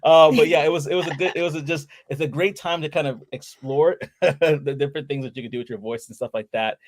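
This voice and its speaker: A man's voice: a little high, steady tone, quick pace. A man hosting a casual interview, upbeat and candid, encouraging his listeners. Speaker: host.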